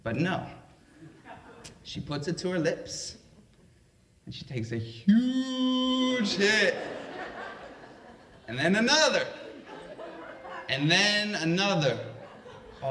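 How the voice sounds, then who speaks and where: A man with a slightly high voice tells a comic story live, in a slow, conversational way. His speech is loose and full of fillers, and it rings in an echoey library room. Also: a bit bright. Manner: conversational, unhurried, lots of fillers.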